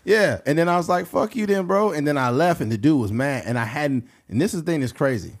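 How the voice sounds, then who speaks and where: A man co-hosting a casual podcast, telling stories in an animated way and jumping into loud mimicked voices. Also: fairly high pitch, quick pace. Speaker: podcast co-host.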